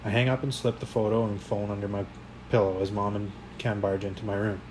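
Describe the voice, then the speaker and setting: Low-voiced man reading a novel aloud. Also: flat delivery, background noise. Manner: quiet, measured, occasional slips. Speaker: audiobook reader. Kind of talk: first-person novel narration.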